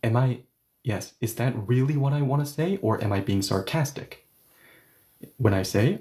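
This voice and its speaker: A male language teacher with a dark, mellow voice explains grammar in an emphatic way. He stresses points by repeating words and acting out short exchanges. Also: medium pitch, expressive, normal speed. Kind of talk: explanatory online lesson.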